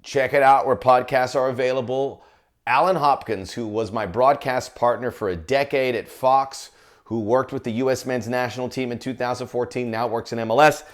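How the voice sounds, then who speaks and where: A man's voice: medium pitch, fairly even intonation, normal speed. A middle-aged man, a soccer broadcaster, talking in a jokey, chatty video monologue. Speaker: soccer broadcaster and podcast host.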